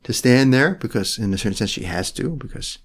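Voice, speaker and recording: A man giving a meditative sermon, speaking slowly in short phrases and turning to address God directly in prayer. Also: medium pitch, animated, husky. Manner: slow, phrase-by-phrase delivery with pauses.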